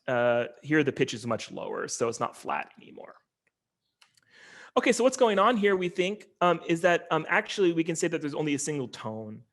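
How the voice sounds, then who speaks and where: A man with a slightly higher-than-usual voice gives an online academic lecture. He explains step by step, pausing often with ums and restarting sentences as he goes. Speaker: linguistics professor giving a lecture.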